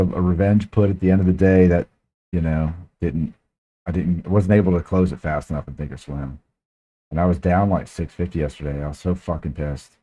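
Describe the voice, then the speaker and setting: A man's voice: sits low, mellow, dull audio. A man hosting a podcast, telling a frustrated, profane story in casual chat. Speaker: podcast host.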